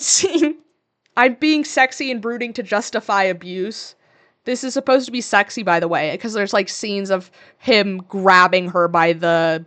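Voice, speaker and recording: A woman's voice: mid-range voice, a bit bright. Crude, sarcastic young woman ranting. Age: 20s. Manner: crude, sarcastic, swears freely. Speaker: podcast co-host. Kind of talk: casual ranting movie recap.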